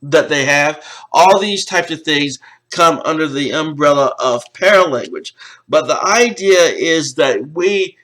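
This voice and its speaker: A male college lecturer explaining slides, pausing often on "uh" and restarting phrases. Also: a little high, a bit bright, poor audio. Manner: explanatory, with frequent "uh" fillers and restarts. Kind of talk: recorded lecture over slides.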